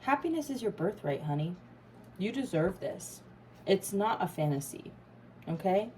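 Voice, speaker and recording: A woman's voice: medium pitch, sing-song, normal speed, dark tone, slight background noise, poor audio. A woman doing a casual tarot reading to camera, emphatic and swearing freely. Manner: emphatic, swears freely, laughs and gets emotional. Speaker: tarot reader.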